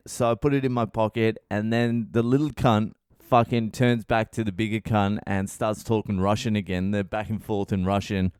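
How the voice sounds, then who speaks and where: A man hosting his own comedy podcast, telling a story in a blunt, animated monologue full of swearing. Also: lowish voice, normal speed, smooth, dry recording, clean studio sound.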